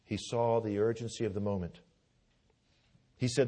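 A man's voice: on the low side, steady tone, normal speed, pauses often, mellow, husky. A man preaching a sermon in a church, fervent and conversational, often asking the congregation "Amen?" and restarting his words as he tells a story. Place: church with pews.

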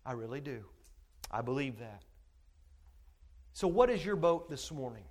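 A man preaching a sermon as pastor, emphatic, swinging from shouted peaks to hushed asides. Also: medium pitch, big pitch swings, measured pace, long pauses.

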